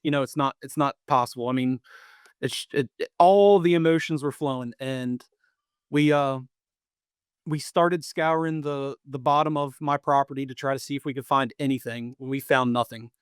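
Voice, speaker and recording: Clear and resonant, this medium-pitched voice belongs to a podcast co-host in his thirties, originally from Pennsylvania or Maryland. Speaking at a normal pace in a clean studio with no room sound, he casually works through a lengthy hunting tale, often restarting and repeating himself.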